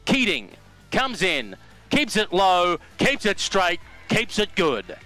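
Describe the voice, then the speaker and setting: A man's voice: high-pitched, very animated, slow pace, sharp tone, faint music behind, poor audio. A man co-commentating a live football match, giving player background with dry, teasing asides.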